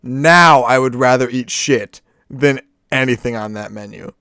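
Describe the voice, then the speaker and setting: A man co-hosts a casual podcast, prone to dramatic exaggeration and frequent laughter. His pitch is ordinary for a man, and the recording is dry and close. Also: unhurried, gravelly, sharp tone, clear, resonant tone, no room sound. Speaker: podcast co-host. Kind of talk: casual chat.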